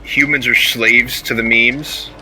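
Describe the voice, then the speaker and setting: A man co-hosting a casual podcast chat, excitable and rambling, swearing and bursting into loud high exclamations. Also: takes it slowly, over music. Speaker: podcast co-host.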